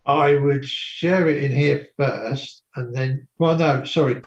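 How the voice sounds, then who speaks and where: A man in a casual chat, giving technical advice slowly and haltingly, with restarts. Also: mid-range voice, fairly even intonation. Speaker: guest giving tech advice. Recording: roomy, muffled mic with faint noise.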